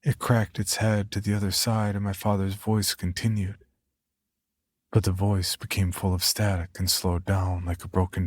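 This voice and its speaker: A man reading a scripted horror story as narrator, in a measured, grave manner. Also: sits low, little pitch movement.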